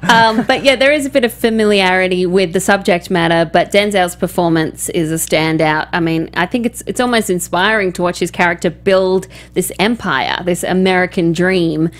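A woman's voice: fairly low pitch, moderate pace, few pauses. A woman co-hosting a film podcast in casual chat, reading out viewer comments and trivia and laughing often.

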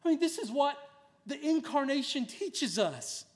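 A male pastor delivers a sermon with a raised, fairly high voice. He speaks slowly and earnestly. His volume swings from near-hushed passages to loud, emphatic lines. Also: big pitch swings.

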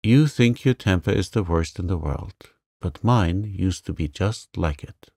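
A man reading the part of a calm, gentle middle-aged mother who speaks tenderly, in a storybook reading. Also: low voice, unhurried, creaky, no room sound, studio quality, full character voice. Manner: soothing, tender.

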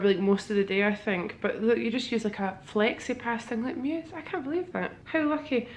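A Scottish woman vlogs in a gushing, chatty way, filming herself on a handheld camera. Her voice sits at an ordinary middle pitch. The hotel room around her echoes, and a faint hum runs underneath. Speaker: vlogger. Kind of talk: casual vlog chat.

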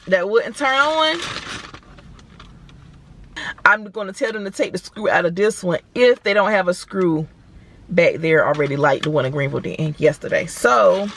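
A woman talks straight to her viewers from inside her car, chatty and animated, calling them y'all. Her voice sits at an ordinary middle pitch. A faint hum of vehicle noise runs underneath. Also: a little slow, pauses often. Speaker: vlogger. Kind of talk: casual chat to camera.

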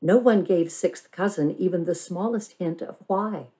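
Warm-voiced woman reading a novel. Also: fairly low pitch, low-quality recording. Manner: measured, expressive storytelling. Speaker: reader. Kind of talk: reading a children's novel aloud.

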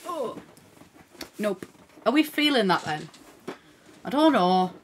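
A woman streamer speaks slowly at a medium pitch yet sounds very animated, with slight background noise behind her. Playing at her home computer into a desk mic in front of the screen, she chats casually, thinks out loud, reads chat, and swears now and then.

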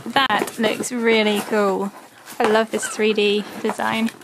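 A woman's voice: mid-range voice, little pitch movement, takes it slowly, noisy background. A woman chatting casually as she opens fan mail at home and coos at her dog in a sing-song voice. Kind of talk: casual chat.

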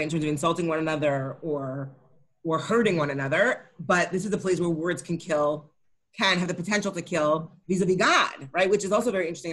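A woman's voice: fairly low pitch, fairly bright tone. A woman teaching a Talmud study session, explaining each line and often checking in with her listeners. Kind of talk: co-taught text study session.

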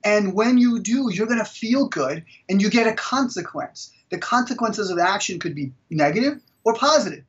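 A middle-aged man from India, a guest author telling stories in an interview with lively energy. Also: sits high, normal speed, few pauses, recorded from a distance, lo-fi sound. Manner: energetic, animated storyteller. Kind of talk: storytelling in an interview.

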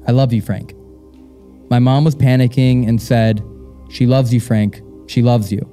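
A man's voice: medium pitch, mellow. A young man co-hosting a live show, chatting loosely, repeating words, laughing often, then reading a story aloud. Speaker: co-host of a live paranormal show. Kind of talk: casual live stage chat and reading aloud. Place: live show in a castle venue.

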